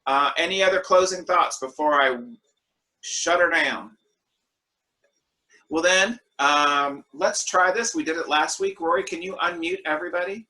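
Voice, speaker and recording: A man leading an online worship discussion over a video call, telling stories in a relaxed way with fillers. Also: fairly high pitch, a little slow, poor audio. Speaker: group discussion leader.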